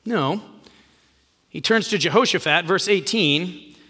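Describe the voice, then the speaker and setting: Man preaching, high bright voice, storytelling sermon, long hall reverb. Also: takes it slowly, slightly rough. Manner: storytelling, acts out quoted lines in a casual voice.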